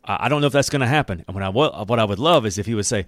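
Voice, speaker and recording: A man giving a casual Bible teaching. He tells the story in a lively way, reads the verses aloud, and acts out the characters' lines with a laugh. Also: on the low side, very fast, hardly any pauses, no room sound, clean studio sound. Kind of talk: conversational Bible teaching with scripture reading.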